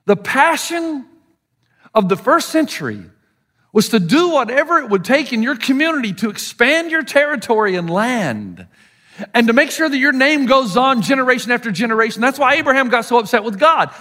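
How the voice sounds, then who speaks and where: A very high-pitched man's voice moves at normal speed as this middle-aged Southern pastor preaches. His American Southern accent carries animated tales in which he voices the people quoted.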